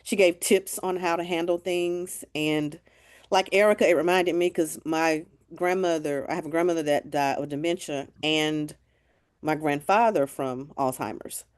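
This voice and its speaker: A woman's voice: sits low, moderate pace, smooth. A woman in a casual book club discussion, speaking in a straightforward way.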